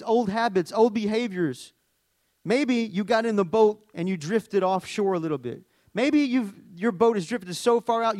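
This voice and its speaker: A man preaches a sermon in a high, bright-pitched voice. He sinks to hushed, tender lows, then climbs to loud, emphatic peaks and asks the congregation questions. The sound is dry and close, with little room echo. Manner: talks to the congregation, asking questions. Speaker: pastor.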